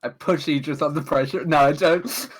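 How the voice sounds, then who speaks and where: A man's voice: a little high, fairly even intonation, moderate pace, rough recording. A man playing in a casual tabletop game, sarcastic and swearing freely. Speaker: player.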